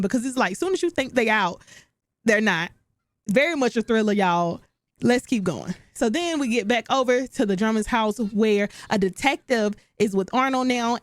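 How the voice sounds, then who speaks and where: A woman's voice: fairly high pitch, no echo. Chatty woman recapping a sitcom. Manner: chatty, animated, talks straight to viewers. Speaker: recap host. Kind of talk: casual recap commentary.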